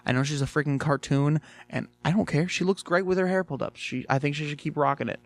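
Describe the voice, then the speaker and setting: A man's voice: a little high, fast, no room sound. A man casually reviewing a cartoon episode, rambling with lots of fillers.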